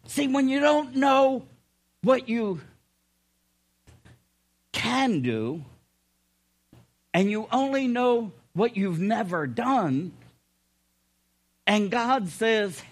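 An older man preaching a sermon in a folksy way, swinging between loud emphasis and quiet asides. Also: extremely high pitch, lively intonation, drawn-out words, long pauses. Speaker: pastor.

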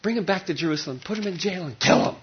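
A man's voice: sits high, very fast, slight background noise. A male pastor preaching a sermon, telling a story animatedly with lots of repetition, on a dull, lo-fi recording.

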